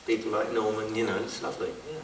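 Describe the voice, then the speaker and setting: A man's voice: lowish voice, fairly even intonation, fast, slight background noise. A man from North London chatting as a convention panel guest, friendly and eager, recorded at a distance in an echoey hall. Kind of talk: casual panel chat.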